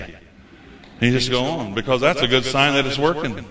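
A man's voice: mid-range voice, fairly quick, fairly bright tone. Guy preaching folksy and fired up, echoey church room. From United States. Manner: folksy, repeats phrases, fervent. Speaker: visiting preacher. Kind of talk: sermon. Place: church hall. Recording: roomy church hall.

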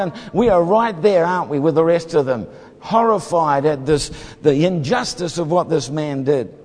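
A man's voice: on the high side, normal speed, a little mellow. A man preaching a sermon, reading scripture and explaining it, briefly acting out voices from the story. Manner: expository, acts out the parable's voices. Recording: hall reverb.

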